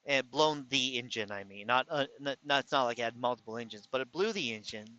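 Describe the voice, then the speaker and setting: A man's voice: medium pitch, lively intonation, fast talker, bright, forceful tone. A man telling a rambling story in a casual venting way, with a slight lisp and some slurred words, often correcting himself. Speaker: vlogger. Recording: dull lo-fi sound.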